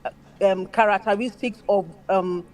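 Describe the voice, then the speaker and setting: A woman's voice: mid-range voice, steady tone, normal speed, a little mellow. A woman speaking emphatically in casual chat, mimicking other people's voices as she makes her points. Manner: emphatic, acts out quoted people.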